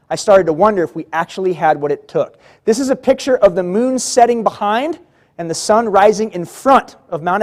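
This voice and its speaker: A man giving a motivational keynote speech at a civic luncheon, telling his story vividly and acting out the dialogue. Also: sits high. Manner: vivid, dramatic storytelling that acts out the quotes. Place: large banquet hall.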